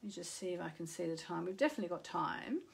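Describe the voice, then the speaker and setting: A woman's voice: lowish voice, expressive, very fast, vocal fry, slightly rough. A middle-aged Australian woman, an astrologer chatting casually and rambling with many fillers on a live stream. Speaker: astrologer hosting a live show.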